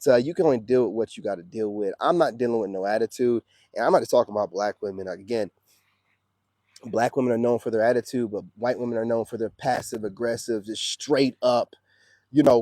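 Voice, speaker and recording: A man's voice: mid-range voice, mellow, no echo. A man from the United States, delivering a heated, preachy monologue full of slang and "you know what I'm saying". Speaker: online commentator. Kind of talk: ranting monologue.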